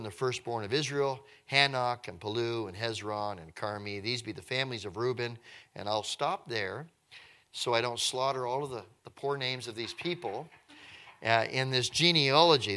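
Bright-voiced male preacher. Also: mid-range voice. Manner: reads scripture slowly, then paraphrases in plain conversational words. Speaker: pastor. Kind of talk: sermon with scripture reading.

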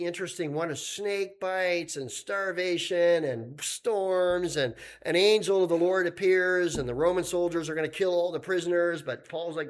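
A male pastor with a voice on the high side preaches a sermon conversationally, moving between emphatic points and quiet asides.

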